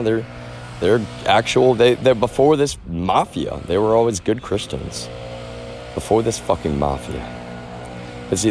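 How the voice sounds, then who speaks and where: A man's voice: low voice, darkish tone. A man streaming live outdoors on a phone, rambling and profane, often calling out to "y'all".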